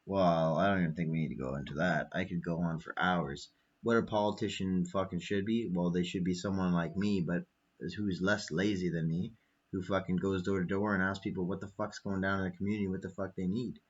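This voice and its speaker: Low, husky man ranting profanely. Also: fairly even intonation, a little fast, dull audio. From Canada. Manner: profane, angry, rambling. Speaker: podcast host. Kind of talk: late-night ranting monologue. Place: small apartment.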